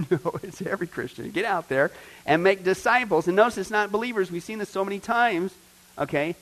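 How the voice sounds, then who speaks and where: A pastor teaching a Bible study class punches key words loudly and quizzes the class, then answers his own questions. He has a high voice and speaks at normal speed, and the recording is rough.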